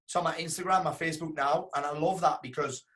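Guy business coach on a podcast, kinda higher voice, swears a lot, calls people dude. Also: steady tone, quick pace, a bit bright. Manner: emphatic, frequent swearing, says "dude". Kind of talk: casual podcast chat.

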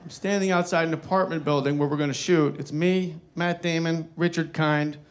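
A man doing stand-up comedy, telling a story in a profane, animated, self-mocking way. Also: fairly high pitch, moderate pace, a little hiss or hum.

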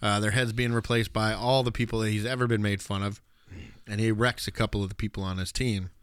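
A man co-hosting a film podcast, talking casually with lots of ums and quick laughs. His voice is low and smooth, recorded dry and close. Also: steady tone, no room sound. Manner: chatty, filler-heavy, laughs often. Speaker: podcast co-host. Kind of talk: casual movie discussion.

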